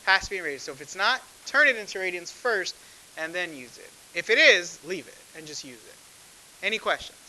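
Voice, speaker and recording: A man's voice: sits high, expressive, a little fast, pushed and bright, a little hiss or hum, poor audio. A man teaching a math class, talking conversationally and asking the class frequent questions. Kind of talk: classroom lecture.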